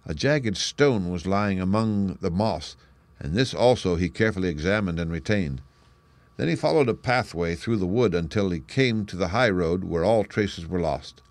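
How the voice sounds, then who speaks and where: A man narrating an audiobook story in a steady, measured reading. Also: sits low, no echo.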